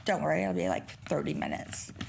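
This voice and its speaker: Lively, foul-mouthed middle-aged woman host. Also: low-pitched, brisk, vocal fry, noisy background. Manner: profane, rambling and animated. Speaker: podcast host. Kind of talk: casual solo podcast chat.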